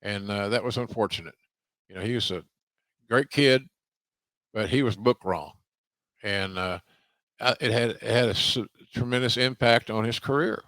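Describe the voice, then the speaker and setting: An older man hosting a podcast, talking casually about wrestling in a halting way with many restarts and slow, emphatic phrases. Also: on the low side, fairly bright tone, no echo. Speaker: podcast host, wrestling commentator.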